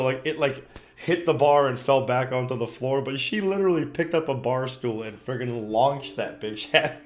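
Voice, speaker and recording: A young man streaming from home, casually telling a story and acting out the other people's voices with big pitch jumps. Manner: animated, acts out quotes with pitch jumps. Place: home room. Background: soft background music.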